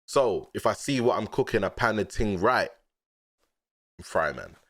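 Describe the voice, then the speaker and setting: A man with a London accent casually breaking down his own rap lyrics in a slangy, laid-back way, laughing often and breaking into excited bursts. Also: on the low side, a little slow, no room sound, clean studio sound.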